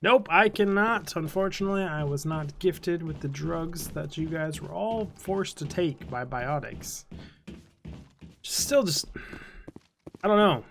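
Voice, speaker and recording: A man's voice: fairly high pitch, a little hiss or hum. A tired man giving casual, rambling commentary on a video game he is playing, swearing and joking at what happens on screen. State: tired, yawning. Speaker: let's play host.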